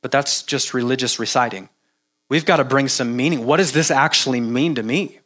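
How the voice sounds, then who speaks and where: A man preaching a casual sermon, halting with restarts and fillers, animated when he mimics repetitive prayer. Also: mid-range voice. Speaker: pastor.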